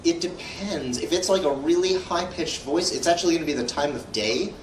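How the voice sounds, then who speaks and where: A man who voices cartoons chats animatedly with a convention crowd, rambling and full of filler words. His fairly high voice carries from a distance through a big echoey hall. A steady background noise sits underneath. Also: brisk. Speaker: voice actor guest at a convention panel. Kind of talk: casual Q&A storytelling. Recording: echoey hall from far off with hum.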